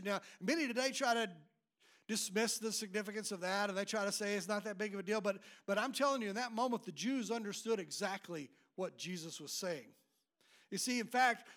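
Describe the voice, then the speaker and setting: High-voiced man preaching emphatically. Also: a bit bright. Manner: emphatic preaching with frequent restarts. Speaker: pastor. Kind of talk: sermon.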